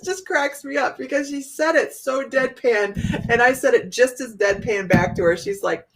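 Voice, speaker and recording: A woman from Ohio, a psychic host telling viewers a story in a casual way, animated and laughing often. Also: a little high, moderate pace, vocal fry.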